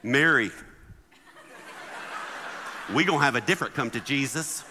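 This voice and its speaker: A man giving a humorous sermon as a guest speaker, animated and acting out the people in his stories. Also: medium pitch, moderate pace, a little hiss or hum. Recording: long hall reverb.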